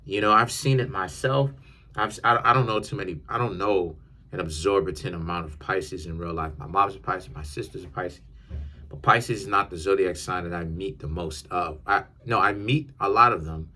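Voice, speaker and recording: A young man giving a casual, slangy tarot reading, animated and repetitive in his talk. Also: fairly low pitch. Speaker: tarot reader. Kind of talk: casual monologue.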